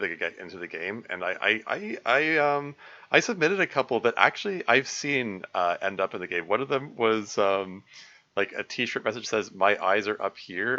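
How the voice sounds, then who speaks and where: A low-pitched man talks through his game stream in a loose, rambling way, stumbling over words and chuckling. His voice has a bright, forward edge. The recording sounds a little dull. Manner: rambling, halting, many fillers and restarts, chuckling. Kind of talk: casual let's-play commentary.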